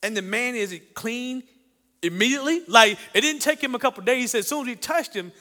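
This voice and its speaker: A man preaches an animated sermon in a high, bright voice. He asks his listeners questions and acts out the voices he quotes. A long hall reverb trails behind every phrase. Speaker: pastor.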